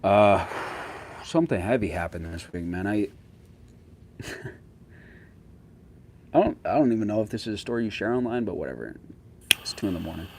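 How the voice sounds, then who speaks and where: Casual young male creator, low voice, slangy and easygoing, a faint background hum. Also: big pitch swings, moderate pace, gravelly, pauses often, a little mellow. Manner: slangy, laid-back and conversational. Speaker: social media creator. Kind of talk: casual chat with viewers.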